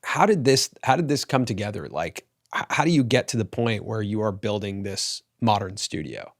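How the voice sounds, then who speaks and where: A man's voice: fairly low pitch, sing-song, normal speed, gravelly, no room sound, studio quality. A man in his thirties hosting an interview, framing thoughtful questions. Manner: thoughtful, frames questions with stats, restarts. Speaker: podcast host, interviewer.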